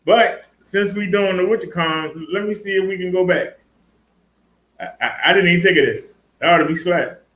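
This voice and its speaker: A high-pitched, somewhat bright male voice comes through reverberant, poor-quality audio. A fitness and e-bike vlogger, he's out of breath as he casually demos an e-bike, chatting and laughing with his viewers.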